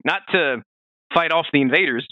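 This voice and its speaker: A man co-hosting a casual podcast, chatting in an animated way with many fillers and restarts. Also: fairly high pitch, moderate pace, no echo, phone-quality sound. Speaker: podcast co-host.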